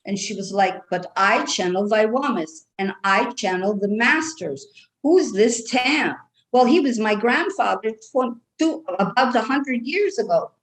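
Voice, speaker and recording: A woman speaking as a trance channel with an Irish brogue, talking slowly and soothingly for a group of guides. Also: on the high side, expressive, low-quality recording.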